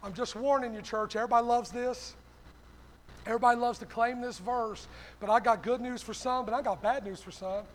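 High-voiced preacher man. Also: steady tone, brisk, a little hiss or hum. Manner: punchy preaching, peppers lines with "hey". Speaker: pastor. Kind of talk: sermon.

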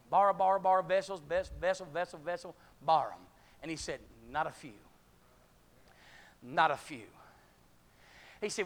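Male preacher, high-pitched, fervent, shouting in bursts, church sermon.

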